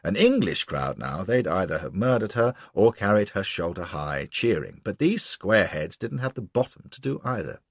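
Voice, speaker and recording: A man's voice: low voice, sing-song, moderate pace, few pauses, slightly rough, no echo. A man narrating a novel in the first person, with a brash, wry manner. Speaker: audiobook narrator.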